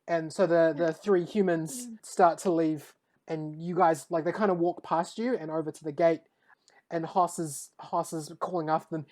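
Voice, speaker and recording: A woman running a tabletop game as game master, relaxed and hesitant, with lots of fillers. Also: low-pitched, normal speed.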